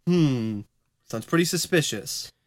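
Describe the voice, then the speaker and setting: Smooth-voiced man, casual podcast banter. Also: on the high side, lively intonation, slow pace, dry recording. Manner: laughing, loose, swearing. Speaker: podcast co-host. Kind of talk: casual true-crime chat.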